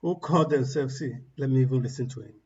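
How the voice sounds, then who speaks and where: A man's voice: medium pitch, fast talker, darkish tone, dull audio. A man giving mocking, ranting political commentary on a livestream, laughing at the people he criticizes.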